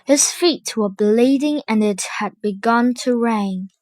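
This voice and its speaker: Slow, expressive woman reading a story. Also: fairly high pitch, no room sound. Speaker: storybook reader. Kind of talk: children's story read-aloud.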